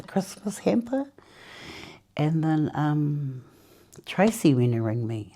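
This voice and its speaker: Low-voiced chatty woman from New Zealand. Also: a little slow, warm tone. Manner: chatty, laughs often, acts out quotes in high voices. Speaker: interviewee, former smoker. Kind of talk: casual storytelling interview.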